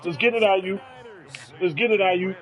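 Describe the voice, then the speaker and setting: A man with a Southern US accent, trash-talking on a live game stream in a loud, profane, heated rant. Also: high voice, fairly quick. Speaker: streamer playing a football video game.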